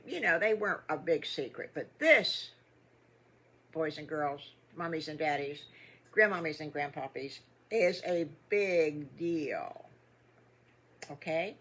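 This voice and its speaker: An older woman storyteller with a husky, low voice, telling a made-up children's tale. She rambles folksily and chats along as she goes. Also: a bit bright.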